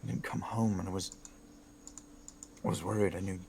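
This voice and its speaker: A man voicing a protective half-orc woman in a tabletop game, anxious and repeating herself. The voice stays low and plain. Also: steady tone, normal speed, creaky, a little mellow. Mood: worried. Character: worried female half-orc, protective partner.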